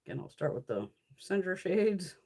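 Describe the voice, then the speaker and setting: A chatty woman talking casually as she swatches makeup for her viewers. Her pitch swings up and down with a lot of life, and she drops swear words and laughs easily. She talks back to viewers' comments in a loose, unscripted way. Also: big pitch swings, moderate pace, a little mellow, breathy edge. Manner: chatty, profane, laughs often; answers viewers' live comments. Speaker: beauty haul host.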